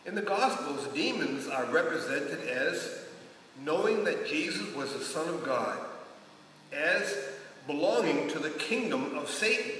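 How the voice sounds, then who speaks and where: A man's voice: on the high side, a bit bright, slight background noise. A man leading an informal Bible study, talking in a rambling, conversational way with many restarts and asides. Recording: echoey hall from far off.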